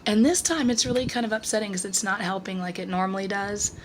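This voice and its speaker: A woman's voice: medium pitch, quick pace, a little hiss or hum. A middle-aged woman talking candidly to her vlog audience, short of breath and with a worn voice, swearing freely and trailing off mid-thought. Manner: frank and confiding, swears freely, trails off and restarts. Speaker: vlogger.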